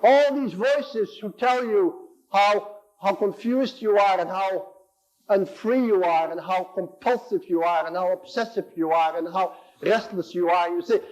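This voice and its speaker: A man's voice: sits high, measured pace, a little mellow, rough recording. A man in his sixties giving an impassioned sermon in a church, building on repeated phrases and acting out inner voices. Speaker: preacher.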